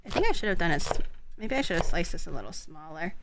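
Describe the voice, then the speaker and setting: A young woman streamer chatting casually while cooking, telling animated stories and acting out what others said. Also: lowish voice, quick pace, noisy background. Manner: animated storyteller, acts out quotes.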